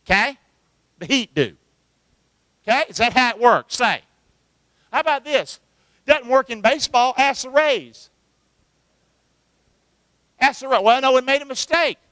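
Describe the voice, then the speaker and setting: A man's voice: very high-pitched, animated, measured pace, long pauses, sharp tone, no room sound. A middle-aged man, preaching a sermon and calling out questions for the congregation to answer back. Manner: call-and-response preaching, asks the congregation to answer. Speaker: pastor.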